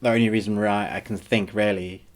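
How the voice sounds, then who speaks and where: A man's voice: lowish voice, fairly quick. Guy chatting about a movie, laid back, rambles with lots of ums. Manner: relaxed, rambling, with many fillers. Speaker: film reviewer host. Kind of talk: casual review chat.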